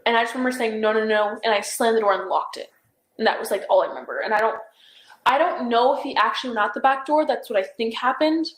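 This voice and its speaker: A woman's voice: fairly high pitch, lively intonation, quick pace, reverberant, poor audio. A young woman in a police interview, recounting events in a hesitant, rambling way full of "like" and "I don't know". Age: young adult.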